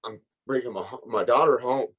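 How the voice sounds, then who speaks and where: A man's voice: mid-range voice, moderate pace, husky, lo-fi sound. A man giving a candid, emotional personal recovery share as a workshop speaker, rambling and full of fillers.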